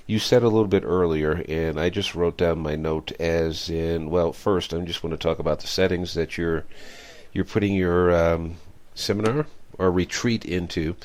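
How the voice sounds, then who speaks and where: A man's voice: sits low, steady tone, moderate pace, darkish tone. A middle-aged man hosting a radio interview, rambling and reflective, telling stories with many fillers. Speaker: radio show host.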